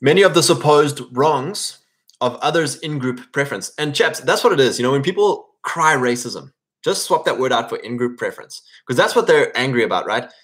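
A man giving a loose, conversational sermon at a mid-range pitch. He talks as if chatting with his listeners, keeps tagging his points with "right?", and often doubles back to restart a phrase. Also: lively intonation, normal speed, fairly bright tone. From England. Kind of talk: informal sermon.

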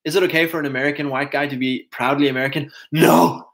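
A man with a South African accent, talking in a casual monologue, animated and mocking, breaking into put-on voices and laughs. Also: medium pitch, quick pace, hardly any pauses, low-quality recording. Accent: South African English.

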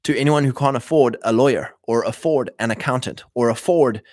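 A man in a casual rambling monologue, clearing his throat often and acting out quoted voices. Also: medium pitch, fairly quick, darkish tone, no room sound, studio quality. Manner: frequent throat clearing and restarts.

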